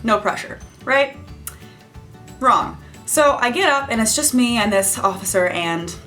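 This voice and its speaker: A young woman in her twenties telling a story to camera from a room at home. She is chatty and wry, with a slightly high voice and quick self-mocking asides. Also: expressive, pushed and bright, soft background music. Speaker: YouTuber. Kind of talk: storytelling vlog.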